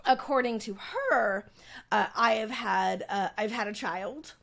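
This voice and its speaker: A woman co-hosting a casual podcast, rambling through a story with plenty of ums and likes. Her pitch sits in the middle range for a woman. She tells it in a loose, chatty way. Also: measured pace, vocal fry, a bit bright. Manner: chatty storytelling, frequent fillers. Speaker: podcast co-host. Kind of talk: casual chat.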